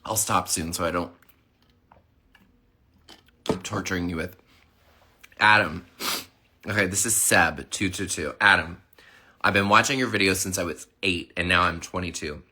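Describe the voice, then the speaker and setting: A man in his thirties who is sick and hoarse, chatting casually and rambling through a livestream. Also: deep voice, normal speed, pauses often, sharp tone. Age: 30s. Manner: rambling, chatty, lots of fillers. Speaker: livestream host.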